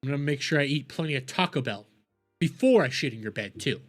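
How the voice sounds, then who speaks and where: A man's voice: medium pitch, lively intonation, quick pace, soft background music. A man ranting profanely in a heated, mocking commentary as a streamer reacting to videos.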